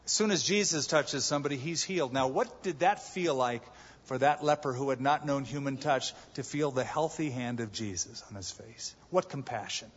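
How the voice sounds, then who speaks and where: Animated male preacher in an echoey hall. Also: mid-range voice, moderate pace, husky. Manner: animated preaching, acting out voices and shouts. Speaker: pastor. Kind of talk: sermon. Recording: dull, echoey large hall.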